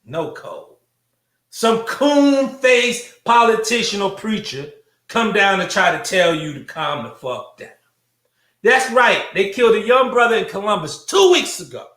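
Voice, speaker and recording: Male host, fiery preachy monologue, high lively voice, roomy echo. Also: a little slow. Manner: preachy, profane, rhetorical questions and repetition. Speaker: show host.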